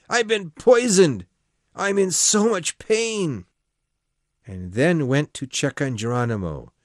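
A man's voice: on the low side, a little mellow, no echo, studio quality. A man reading a classic novel aloud as an audiobook narrator, telling the story expressively.

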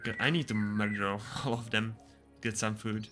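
A man's voice: fairly low pitch, steady tone, moderate pace, music in the background. A young man streaming a game, chatting casually with crude jokes and frequent laughter. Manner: joking, crude, laughs often. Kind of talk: casual gaming stream chat.

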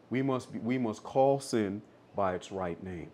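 A man's voice: fairly low pitch, unhurried, darkish tone, slight background noise. A man preaching a sermon, insistent and repeating his points for emphasis.

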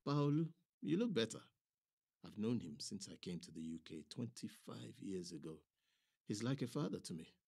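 A man's voice: low-pitched, normal speed, creaky, dark tone, breathy edge. A man performing a dramatic monologue as a nurse, telling a story vividly and switching between voices.

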